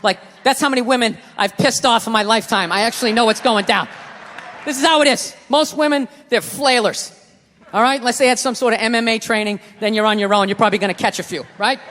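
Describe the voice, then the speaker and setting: A man performing a stand-up routine, telling a story with animated, profane delivery and a constant "right?". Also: extremely high pitch, quick pace, a little hiss or hum. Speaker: stand-up comedian. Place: theater stage before a live audience. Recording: reverberant hall with crowd.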